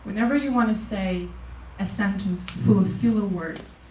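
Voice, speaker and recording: Lively woman, echoey hall. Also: mid-range voice, normal speed, recorded from a distance. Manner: lively, laughs often, acts out quoted people. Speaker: keynote speaker. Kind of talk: motivational public speech. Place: conference hall.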